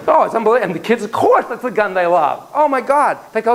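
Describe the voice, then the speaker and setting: Brief: animated male lecturer, lively and self-deprecating, slightly high voice, faint room noise. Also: fast, rough recording. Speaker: lecturer on child psychotherapy. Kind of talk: classroom lecture with anecdotes.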